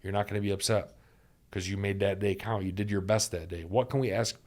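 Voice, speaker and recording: A man's voice: fairly low pitch, steady tone, fairly quick, a little mellow. A man, a doctor and podcast guest, earnestly sharing stories and life advice, repeating key phrases for emphasis. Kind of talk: reflective conversational storytelling.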